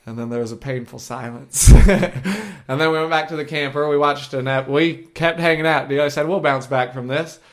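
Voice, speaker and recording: A man tells a long story on a casual podcast, rambling and crude. He laughs through it, and his voice sits at an ordinary middle pitch. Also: fairly even intonation, a little fast. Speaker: podcast co-host. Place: shared room with co-host.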